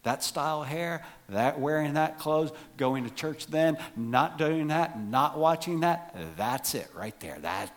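A male pastor delivers a humorous sermon in a church sanctuary. His voice sits a little high for a man. He swings from animated punchlines down to quiet, reflective asides. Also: takes it slowly, hardly any pauses. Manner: jokey, animated, drops to soft asides.

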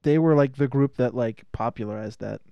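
A man's voice: mid-range voice, fairly quick, creaky, smooth, no echo, muffled recording. A man co-hosting a podcast, joking crudely and casually about a film, recorded close on a mic. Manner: joking, crude, mocks characters in silly voices. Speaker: podcast co-host. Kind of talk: casual movie-review chat.

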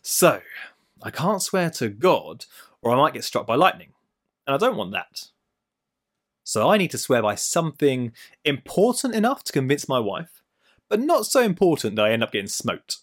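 A middle-aged man preaches a sermon at a moderate pace, unpacking a Bible passage through playful everyday stories and asides. His voice is medium in pitch, and his delivery is lively storytelling.

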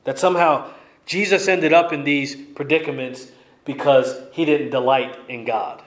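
A man's voice: a little high, fairly even intonation, normal speed, echoey room. A man preaching an expository sermon, emphatic and repeating his key lines for weight.

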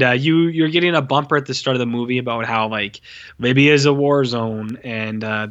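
A man co-hosting a podcast, casually reviewing a film with a lot of swearing and flat mocking quotes of its dialogue. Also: medium pitch, dull audio. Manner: profane, exasperated, mocks lines in flat voices. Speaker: podcast co-host. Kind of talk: casual movie review chat.

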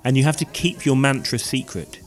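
A man co-hosting a casual podcast, animated and reading facts aloud with hesitant restarts. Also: medium pitch, brisk, faint music behind. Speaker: podcast co-host.

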